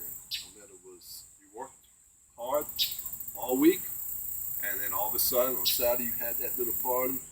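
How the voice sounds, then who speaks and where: Faint crickets and a bit of hiss or hum surround this distant recording of an older storyteller with a mid-range voice. In an easygoing outdoor conversation, he wanders through folksy tales of bygone days, peppering them with tag questions like "right?".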